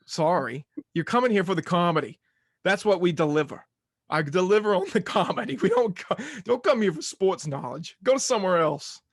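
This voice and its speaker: Young guy ranting on his sports podcast, kinda high voice, dry close sound. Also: lively intonation, normal speed, no room sound. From Arkansas fan, southern US. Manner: rambling, self-mocking rants. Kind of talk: casual sports chat.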